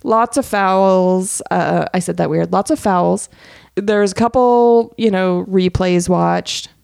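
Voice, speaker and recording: A woman's voice: on the low side, measured pace, creaky, warm tone, no echo, clean studio sound. A woman co-hosting a podcast, chatting casually and animatedly about a basketball game she watched, laughing often. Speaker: podcast co-host.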